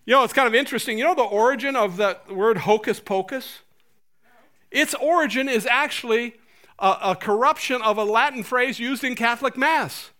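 Male pastor, high bright voice, lively sermon delivery with humor and mock voices. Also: moderate pace. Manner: animated, laughing, acting out prayers in funny voices.

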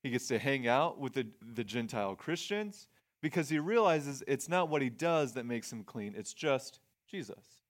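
A man's voice: medium pitch, lively intonation, normal speed. A man preaching a sermon in a conversational way, reading scripture and explaining it plainly, often restarting his phrases. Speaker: pastor.

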